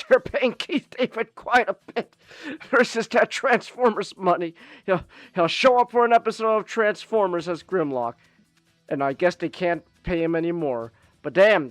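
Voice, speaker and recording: A man chatting casually on a stream, rambling with many restarts and swearing. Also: a little high. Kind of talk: casual chat.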